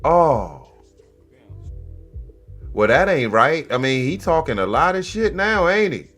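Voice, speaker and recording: A man hosting a comedy commentary show, animated and mocking, swinging between loud exclamations and low mutters. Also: takes it slowly, faint music behind. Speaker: host.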